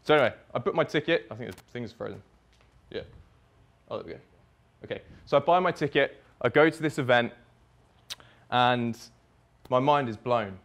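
A man's voice: mid-range voice, normal speed, gravelly, long pauses, fairly bright tone. Young guy telling his story on stage at a summit, vivid present tense, swears a lot. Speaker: speaker at a fitness business summit. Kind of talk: storytelling keynote talk.

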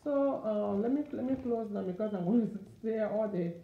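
A woman's voice: medium pitch, fairly quick, echoey room, phone-quality sound. A woman with a Liberian accent giving an informal, fervent sermon from her dining room, repeating her urgings. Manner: fervent, repetitive exhortation. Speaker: Christian encourager.

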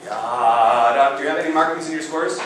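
A man's voice: a little high, normal speed. A man leading a choir rehearsal, coaching singers in an upbeat way and counting and singing out rhythms. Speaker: choir conductor. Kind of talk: rehearsal instruction. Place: rehearsal hall. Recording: echoey hall, distant mic, loud music.

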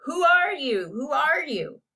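A loud, blustering drunk party host who repeats himself and pushes people around, as a woman reading the story puts him on. He talks high and loud for a man in this storybook reading. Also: expressive, normal speed, natural voice.

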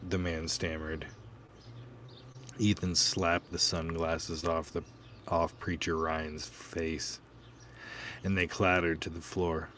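Low, slow male narrator for a gritty audiobook; measured, even delivery. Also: a little hiss or hum.

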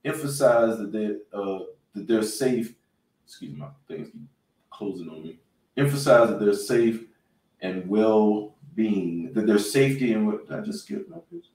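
Man, instructor, halting reader, low-pitched, roomy distant sound. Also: expressive, a little mellow. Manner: halting reading with restarts and self-corrections. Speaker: self-defense instructor. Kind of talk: reading safety tips aloud on a panel show.

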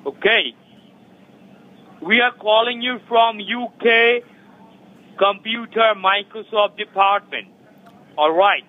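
A man's voice: sits high, takes it slowly, pauses often. A man with an Indian accent making an insistent scam sales call in broken English, over the phone. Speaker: scam caller. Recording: tinny phone line.

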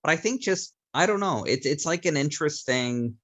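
A man's voice: fairly high pitch, lively intonation, moderate pace, a bit bright. A man co-hosting a podcast in casual chat, easygoing, full of fillers and laughing along. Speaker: podcast co-host.

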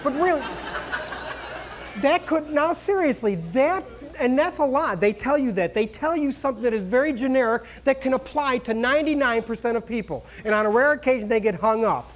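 A male pastor delivering a sermon from the pulpit. He talks in a conversational, folksy way, breaking into exclamations and humor as he tells a story. His voice swings from loud, high bursts down to quiet, low asides. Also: lively intonation, brisk, slight background noise.

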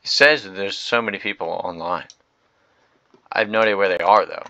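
A young man narrating a game as he watches it, excitable and slangy, jumping from loud shouts to quiet muttering. His voice sits fairly low but has a bright, forceful edge. The recording is dull and lo-fi. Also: brisk. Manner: excitable, slangy, reactive, swings from loud outbursts to mumbled asides. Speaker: gaming video host. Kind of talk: live gameplay commentary.

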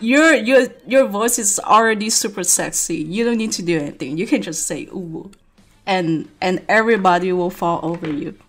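A woman hosting a livestream who gets giggly and excited as she reads out donations. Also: medium pitch, normal speed. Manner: giggly, excitable, thanks donors. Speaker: streamer host. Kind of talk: casual livestream chat.

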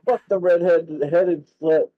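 A man's voice: high voice, steady tone, a little slow, no room sound. A man co-hosting a casual gaming session, reading a text adventure aloud with crude jokes and laughter. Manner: laughs mid-sentence, crude and joking. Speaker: co-host playing a text adventure. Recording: dull lo-fi dry mic.

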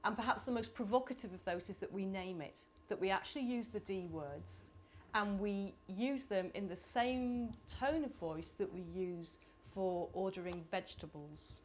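A middle-aged woman from the United Kingdom speaking at a conference, animated and chatty with laughing asides. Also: medium pitch, normal speed, few pauses, slight background noise. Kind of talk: conference talk. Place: conference hall.

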